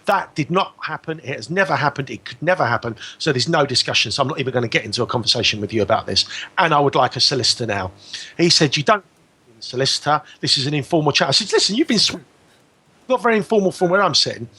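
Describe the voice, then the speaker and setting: Man, radio guest, storytelling, bright forceful voice, husky edge. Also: a little high, fast talker. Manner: animated storytelling, acting out both sides of the exchange. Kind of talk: telling a personal story on a radio talk show.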